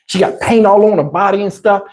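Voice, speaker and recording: A man spinning a story on a live stream, animated and full of profanity. He keeps the talk loose and casual, breaking into laughing asides. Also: sits high, a little fast. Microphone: wireless lapel mic.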